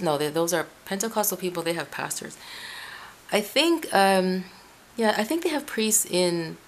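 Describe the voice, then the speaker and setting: A woman from Ecuador talking casually to her camera about faith at home, rambling along with many restarts and self-corrections. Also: lowish voice. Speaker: Christian video blogger. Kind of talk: casual religious vlog talk. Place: room at home by a window. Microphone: camera in front of her.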